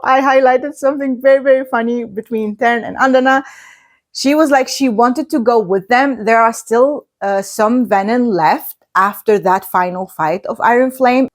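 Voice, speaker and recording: Gushing, excitable woman book vlogger. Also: fairly high pitch. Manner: gushing and excitable, many fillers and restarts. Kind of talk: casual spoiler review.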